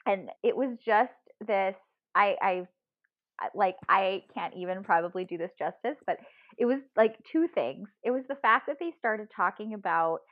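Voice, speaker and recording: Speaking at a moderate pace and medium pitch, a woman co-hosting a podcast recounts stories with energy and laughs a lot in an easygoing, laugh-heavy chat. The recording is dry, with the high frequencies cut off.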